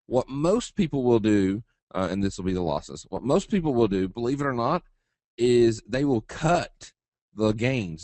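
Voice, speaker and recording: A man giving a trading webinar in a casual, blunt, folksy way, talking to his audience and acting out quick asides. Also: mid-range voice, darkish tone, no echo.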